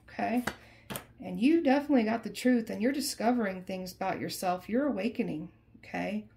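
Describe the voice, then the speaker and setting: A woman's voice: on the high side, darkish tone, a little hiss or hum. A woman doing a casual tarot reading for viewers, talking in an emphatic, conversational way and often repeating her phrases. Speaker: tarot reader.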